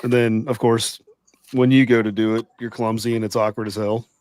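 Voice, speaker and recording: A man's voice: lowish voice, flat delivery, brisk, a loud crowd. A man who grew up on a farm, co-hosting a casual talk stream with dry, teasing asides. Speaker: podcast co-host. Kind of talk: casual chat.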